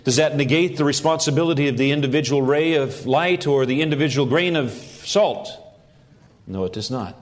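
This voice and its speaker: A man's voice: fairly high pitch, normal speed. A middle-aged man, a pastor, preaching a sermon with earnest emphasis that rises on key phrases.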